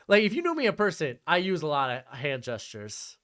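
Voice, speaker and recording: A man's voice: a little high, wildly swooping pitch, fast talker, few pauses, fairly bright tone. A man live-streaming a football watch-along, chatting casually and jumping between calls on the plays and replies to his chat.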